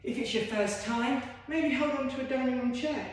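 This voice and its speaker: In an echoey room with a little hiss or hum, a woman with a high-pitched voice talks at a moderate pace. As a fitness instructor running a guided home workout, she's encouraging and chatty and makes self-deprecating asides.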